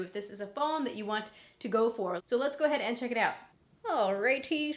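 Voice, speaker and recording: A woman's voice: a little high, a bit bright. A young woman giving a candid, conversational phone review while getting over laryngitis. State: recovering from laryngitis. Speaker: tech reviewer. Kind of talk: casual product review.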